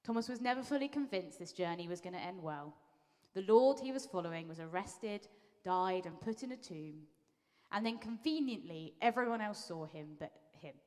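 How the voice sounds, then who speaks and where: A woman preacher giving a conversational sermon, telling the story lively and acting out what people say. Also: lowish voice, moderate pace. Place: church hall. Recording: long reverb of a large hall.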